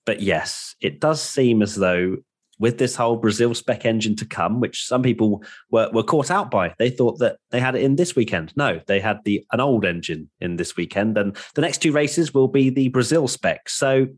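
A man's voice: medium pitch, animated, normal speed. A man hosting a casual podcast chat, chatty and upbeat with jokey asides. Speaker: podcast host.

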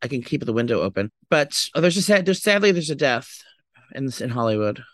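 A man's voice: mid-range voice, big pitch swings, no room sound, clean studio sound. A man co-hosting a podcast, chatting casually in a gossipy, dramatic way. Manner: gossipy, dramatic, quick-talking. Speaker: podcast co-host. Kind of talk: casual chat.

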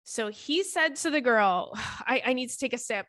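A young woman chats on her podcast, reading out listener letters and firing back with animated, indignant remarks. Her voice sits a little high, and the recording is close and dry, with no room sound. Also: moderate pace, no room sound. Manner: animated, indignant, swears freely. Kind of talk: casual podcast chat.

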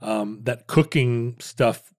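A man's voice: medium pitch, slow, darkish tone, no room sound, studio quality. A man co-hosting a casual history chat, rambling with many restarts and playful jokes. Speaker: podcast co-host.

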